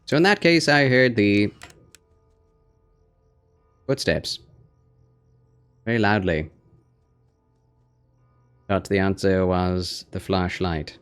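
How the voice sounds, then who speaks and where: A tired young man gently chatting with viewers while streaming a game, soft-spoken and reading chat. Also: low-pitched, takes it slowly, pauses often, clear, resonant tone, soft background music. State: fatigued. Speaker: gaming streamer. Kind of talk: live gaming stream chat.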